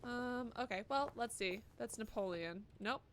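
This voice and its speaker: A woman's voice: a little high, a little slow, background noise. A young woman streaming a game live, chatting casually and cursing as she reads viewer messages aloud. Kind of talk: live gameplay commentary.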